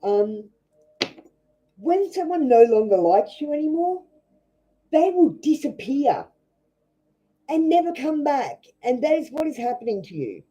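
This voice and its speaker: A woman's voice: high-pitched, sing-song, measured pace, long pauses, warm tone, low-quality recording. A woman with an Australian accent doing a live tarot reading, blunt and scolding, swearing freely as she talks to viewers. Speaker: tarot reader.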